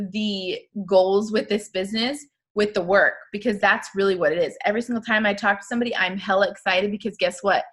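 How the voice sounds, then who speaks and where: A woman's voice: mid-range voice, fairly bright tone. Chatty, upbeat woman coaching her team. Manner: casual, chatty, lots of fillers and asides; upbeat and emphatic. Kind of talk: live-stream coaching talk.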